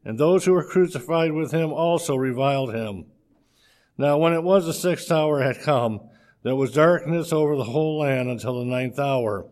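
The voice here is a little high: a man reading a passage of scripture aloud, calm and measured throughout, apart from a few slips.

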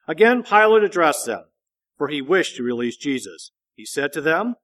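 A man reading a Bible passage aloud in a measured, steady narration. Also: on the high side. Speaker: scripture reader.

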